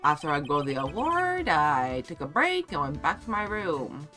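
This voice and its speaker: A man's voice: fairly high pitch, huge pitch swings, moderate pace, sharp tone, faint music behind, heavily acted. A man voicing a laid-back young male actor in a courtroom game, drawling and calling everyone "dude". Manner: drawling, says "dude" a lot. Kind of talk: reading game dialogue aloud.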